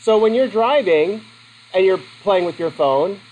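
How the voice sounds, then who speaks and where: A man's voice: sits high, animated, a little slow, a little mellow, a little hiss or hum, rough recording. A middle-aged man teaching a class in a joking, conversational way and putting questions to his students. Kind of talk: classroom lecture.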